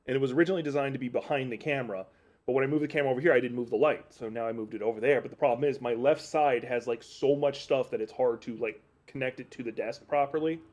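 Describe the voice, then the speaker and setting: A man's voice: mid-range voice, quick pace, a little mellow. Rambling, joking man on a livestream. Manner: rambling and self-deprecating; jokey asides. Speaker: streamer. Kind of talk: casual livestream chat. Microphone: desk mic at computer setup.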